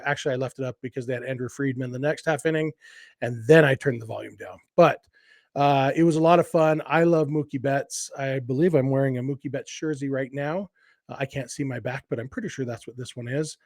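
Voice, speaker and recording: A man's voice: medium pitch, fast, darkish tone, no room sound, clean studio sound. A man hosting a casual solo sports podcast, talking enthusiastically in a rambling way with restarts and asides. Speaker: podcast host.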